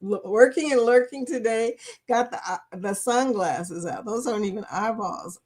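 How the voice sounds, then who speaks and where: Greeting viewers on her live chat stream, a Kentucky woman with a Kentucky accent keeps things casual, chatty and teasing, with frequent laughter. She speaks at a normal speed in a fairly high, slightly mellow voice.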